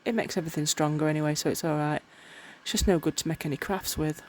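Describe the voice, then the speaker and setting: Tired and chatty, a woman narrates a casual crafting vlog while making miniatures, rambling and frequently stumbling over her words. Her voice is low and darkish, quick, with fairly even intonation.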